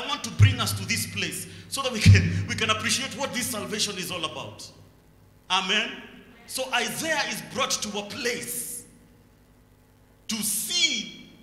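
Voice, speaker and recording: Young Kenyan male preacher, high and lively, cutting bright tone, big reverberant church hall. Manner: animated, mixes English with Swahili asides. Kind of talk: sermon.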